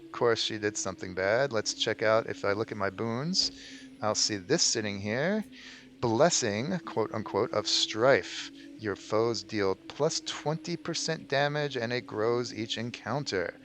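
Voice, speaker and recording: A man hosts a let's play in a loose, rambling voice. He fills his talk with ums and restarts. His pitch sits on the low side. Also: slow, a bit bright. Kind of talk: casual gameplay commentary.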